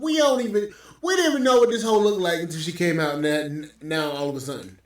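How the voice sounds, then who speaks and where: A podcast host with a high voice talks a little fast, barely pausing, as he delivers profane, contemptuous commentary. The recording is very echoey, with the mic placed far away.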